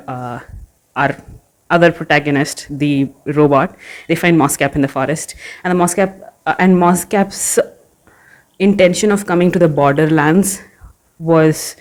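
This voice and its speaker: A woman's voice: low voice, a little mellow. Rambling, chatty woman book vlogger. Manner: rambling, chatty, full of "like" fillers, going off on tangents. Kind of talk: casual vlog chat.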